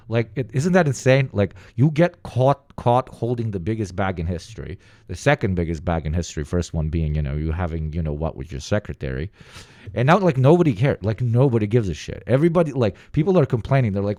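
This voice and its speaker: A man's voice: deep voice, lively intonation, fairly quick, a little mellow, dry recording, clean studio sound. A young man streaming live, talking in crude, mocking, joking rants. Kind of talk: casual profane stream commentary.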